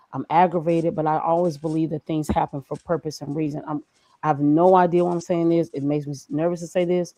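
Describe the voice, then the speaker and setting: Emphatic woman with a low voice. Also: warm tone, dry recording, low-quality recording. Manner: emphatic, preachy, full of rhetorical questions. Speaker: graphic designer and guest. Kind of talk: conversational interview.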